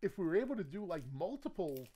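A man gives casual running commentary while opening booster packs. His talk wanders and stumbles over fillers and restarts. It breaks into laughter and loud, gleeful yelling when he pulls the cards he wants. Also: high voice, fast. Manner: rambling and chatty with bursts of loud excitement. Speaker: card game collector opening booster packs.

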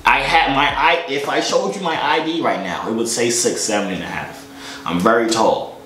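A man's voice: medium pitch, normal speed, pushed and bright, slight background noise. A young man casually answering fan questions in a joking, slangy, rambling way. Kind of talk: casual Q&A chat. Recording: echoey room.

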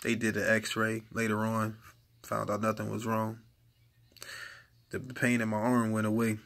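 A man's voice: on the low side, completely flat delivery, a little slow, creaky, fairly bright tone. A man preaching informally to camera in an earnest, exhorting way, repeating his points for emphasis. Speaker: lay preacher.

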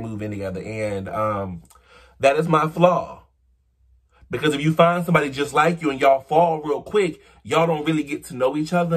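With a husky voice, a young vlogger casually answers questions from viewers and shares stories, now and then letting out abrupt high squeals or dropping to low murmurs.

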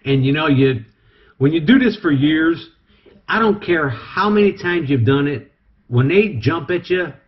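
Excitable man in an echoey room. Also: a little high. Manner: excitable and chatty. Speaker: snake keeper. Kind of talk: casual how-to vlog. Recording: echoey room, dull lo-fi sound.

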